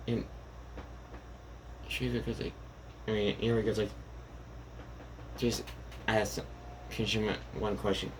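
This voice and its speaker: A man casually retelling a fan story out loud, rambling with many fillers and self-corrections. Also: fairly low pitch, level tone, slow pace, pauses often, a little hiss or hum, poor audio.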